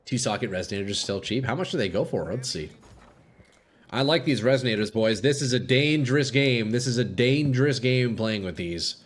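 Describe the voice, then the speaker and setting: A man's voice: medium pitch, expressive, a little fast. A young man streaming a game live, chatting to his viewers, swearing and laughing often. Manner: swears a lot, laughs and rambles to chat. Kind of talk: live gameplay chat with viewers.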